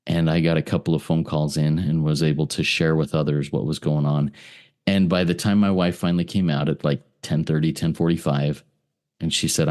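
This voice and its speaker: Deep low guy on a podcast, earnest, keeps restarting words as he tells his story. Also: normal speed, darkish tone. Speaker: podcast guest. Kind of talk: casual personal storytelling.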